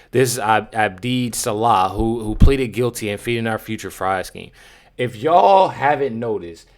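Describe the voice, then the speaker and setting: Rambling man reacting to clips. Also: mid-range voice. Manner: rambling, repeats himself, calls viewers y'all and bro. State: has the hiccups. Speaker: commentary channel host. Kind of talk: reaction commentary.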